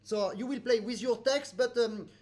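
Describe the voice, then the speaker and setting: A French-accented man with a high voice gives an accordion master class over a video call. He is patient, explains with vivid everyday comparisons and sings out the rhythms he wants. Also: normal speed, darkish tone, faint music behind. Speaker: accordion teacher.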